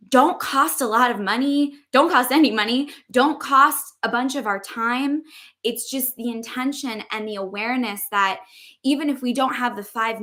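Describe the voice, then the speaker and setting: A young adult woman hosting a podcast, giving a loose, unhurried spiritual teaching talk full of fillers. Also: on the high side, bright, forceful tone. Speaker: podcast host and embodiment teacher.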